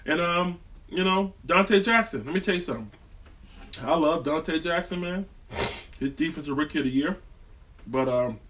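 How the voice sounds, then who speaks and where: A man's voice: medium pitch, a bit bright, distant mic. A man delivering a heated, profane, rambling sports rant as a fan vlogger.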